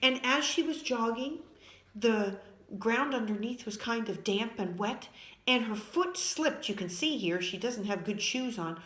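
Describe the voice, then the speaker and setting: A woman reading a children's story aloud with dramatic, expressive delivery. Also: on the high side, unhurried. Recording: echoey room.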